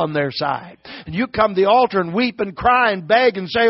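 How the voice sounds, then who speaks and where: A man preaching a sermon in a folksy storytelling way that swells into shouts. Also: high-pitched, lively intonation, fairly quick, few pauses, no echo, dull audio.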